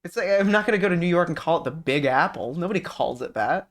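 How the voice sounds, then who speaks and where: This Californian man talks fast in a voice on the high side while streaming. He chats casually with viewers and reads their messages, rambling in an animated, profane way and restarting his sentences again and again.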